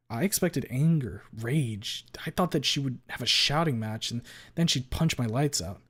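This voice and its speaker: A man reading a fan story aloud on a stream, expressive, with small stumbles. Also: mid-range voice, breathy edge.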